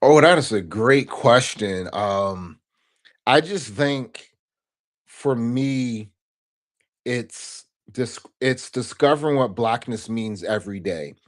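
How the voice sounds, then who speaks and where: A man's voice: mid-range voice, lively intonation, slow. A man speaking as a podcast guest, earnest and reflective, often tagging his points with a questioning "right?". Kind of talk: casual interview conversation.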